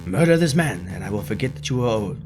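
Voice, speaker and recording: A man voicing a smooth, scheming male bird prisoner who poses as a prince, theatrical with a put-on foreign lilt. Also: lowish voice, expressive, fast talker, over music, close to an everyday voice. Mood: storytelling.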